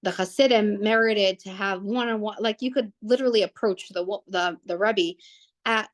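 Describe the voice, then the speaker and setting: A young woman tells a family story in a casual, unscripted way. Her voice sits at a medium pitch. She rambles, often breaking off and restarting her sentences. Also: normal speed. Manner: rambling, with many restarts and fillers.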